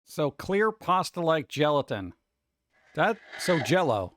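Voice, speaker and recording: A man's voice: on the high side, big pitch swings, slow, a bit bright, no room sound. A man hosting a casual livestream, rambling from topic to topic with sarcastic jokes. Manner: rambling, jokey, sarcastic asides. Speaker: livestream host.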